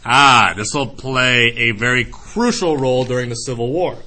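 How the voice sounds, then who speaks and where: A man teaching a history lecture in a classroom, lively and joking, acting out quick voices to explain his points. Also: mid-range voice. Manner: animated, acts out voices in analogies.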